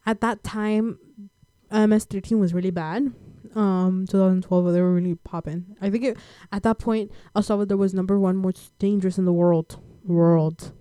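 A woman's voice: medium pitch, fairly even intonation, normal speed, dark tone, no room sound, clean studio sound. A young woman from the United States telling a personal story in a casual chat, slangy and laid-back, with lots of fillers.

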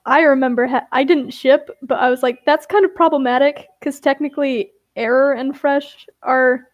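A woman co-hosting a casual podcast who laughs easily between lines. Her voice sits high, and the recording is dry and close with no room sound. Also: steady tone, dry recording, dull audio. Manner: giggly, quick to laugh. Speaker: podcast co-host. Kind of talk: casual chat, reading an old role-play aloud.

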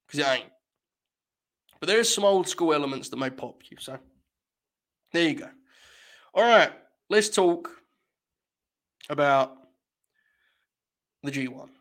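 A man's voice: medium pitch, fairly bright tone. A man hosting a wrestling podcast, giving rambling, wry live-stream commentary and talking to his chat.

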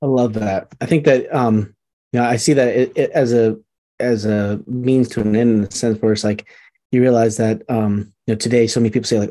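A man with a mellow, rounded tone hosts the chat and answers his guest in a loose, rambling way, with plenty of fillers as he works toward his point. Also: medium pitch, steady tone, a little fast. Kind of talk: casual interview chat.

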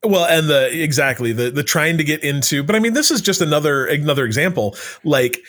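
A man's voice: on the high side, expressive, a little fast, fairly bright tone. A man co-hosting a casual chat, rambling with many restarts and fillers. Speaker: podcast co-host.

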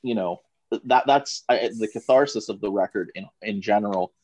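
A man's voice: on the low side, normal speed, a little mellow, dry recording, poor audio. A man in a casual music podcast chat, hedging and restarting as he gives his view.

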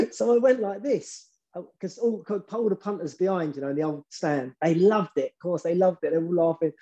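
A man, a former football manager, telling stories in an interview, animated and often repeating words as he builds up a point. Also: sits high, normal speed. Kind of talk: storytelling interview.

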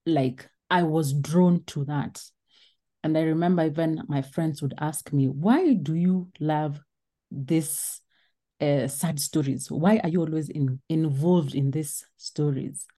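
A woman's voice: low-pitched, slow pace, warm tone. A woman in her thirties, a lawyer and guest, giving an earnest and reflective personal account in an interview. Her voice is shaky. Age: 30s. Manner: earnest, reflective, sometimes trailing off.

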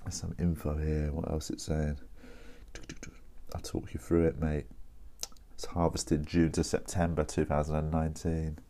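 A man's voice: a bass voice, monotone, measured pace, mellow. A man hosting a podcast, chatting casually and rambling at his desk, often correcting himself. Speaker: podcast host. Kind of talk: casual solo chat.

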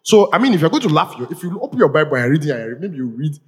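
A man in a lively church discussion, arguing animatedly and laughing as he talks. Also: on the high side, rapid-fire, breathy edge, long reverb tail.

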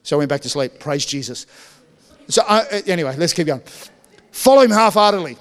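A man's voice: on the high side, lively intonation, a little fast, long reverb tail. A man preaching a sermon in a church, talking conversationally, joking with the congregation, and often restarting his sentences. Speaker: pastor.

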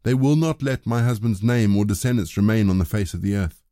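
A man reading as a clever widow pleading earnestly. His tone stays mellow and somewhat low, with no echo around it. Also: a little fast, studio quality, natural voice.

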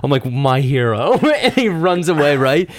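A man's voice: a little high, moderate pace, a little hiss or hum. A young man co-hosting a casual podcast chat, telling stories with quoted voices. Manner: animated storytelling with quoted voices and laughter. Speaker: podcast co-host.

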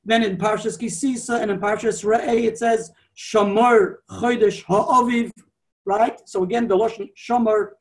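A man gives a Torah class, explaining his points at length and wandering into asides. His voice sits high for a man. He sounds set back from the microphone. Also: steady tone, moderate pace, few pauses, darkish tone, far from the mic. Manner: explanatory, digressive, repeats himself. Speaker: Torah teacher.

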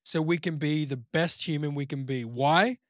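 A man's voice: on the high side, normal speed, a bit bright, no room sound, clean studio sound. A man with an Australian accent, co-hosting a podcast and telling a long, crude story full of swearing and "like". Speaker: podcast co-host. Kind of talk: casual chat, rambling anecdote.

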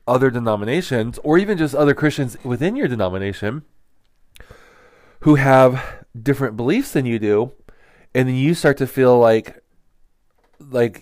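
A man's voice: mid-range voice, no room sound. Brief: man in a dry, close room, candid storytelling teacher, keeps restarting. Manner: rambling, many "like" fillers and restarts. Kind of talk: casual teaching talk.

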